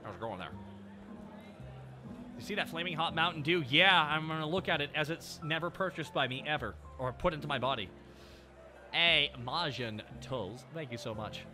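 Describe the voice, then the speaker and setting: Lively man streaming over music. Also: fairly high pitch, normal speed. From Canada. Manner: animated, joking, riffs with chat. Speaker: VTuber streamer. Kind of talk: casual live-stream chat.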